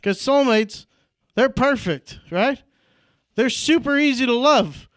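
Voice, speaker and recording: A young man from Indiana performs a stand-up set on a comedy club stage, his voice very high, expressive, slow and fairly bright. The studio-quality, echo-free recording catches him filling lines with "like" and "right?" and laughing at his own jokes.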